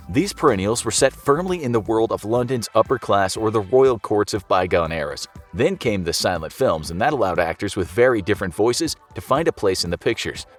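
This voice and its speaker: Man narrating over soft music. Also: lowish voice. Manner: conversational, asks rhetorical questions. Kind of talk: scripted explainer narration. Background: soft background music.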